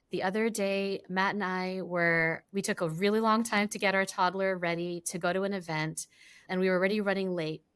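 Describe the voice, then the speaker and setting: A woman's voice: fairly low pitch, fairly bright tone, clean tone. A woman guest in an interview, explaining ideas and telling stories in a reflective way. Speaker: guest, relationship coach. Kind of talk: interview answers.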